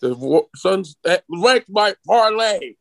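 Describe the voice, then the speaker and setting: A man joins in the banter on a sports podcast, heckling the others with joking, mock-angry outbursts. His voice is notably high, and the recording is dry and close. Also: lively intonation, slow pace, creaky, a bit bright, no room sound. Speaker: podcast co-host.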